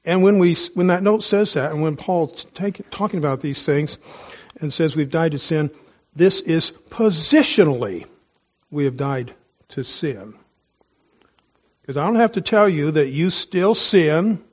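With a slightly high, slightly mellow voice, a pastor preaches earnestly and emphatically, pausing to put questions straight to his listeners. He sounds strained, like someone with a sore throat, and is taking cough drops. The highs in the audio are cut off.

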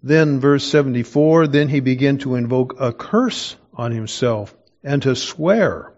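A man's voice: mid-range voice, moderate pace, darkish tone, lo-fi sound. An older man preaching a conversational Bible sermon, digressing with personal stories and chuckles. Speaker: pastor. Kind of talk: expository sermon.

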